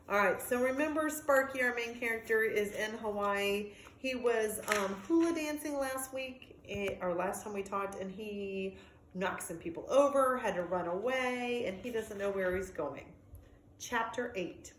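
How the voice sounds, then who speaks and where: A woman's voice: medium pitch, a little slow, reverberant. A woman teacher reading a chapter book aloud to children, speaking to them in a friendly way. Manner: friendly, addresses the listening children.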